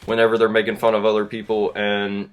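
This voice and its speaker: Talking fast in a lowish monotone, a twenty-something YouTuber with a Southern US accent, from the Southern United States, tells a meandering casual story to the camera. He comes across as relaxed and pokes fun at himself.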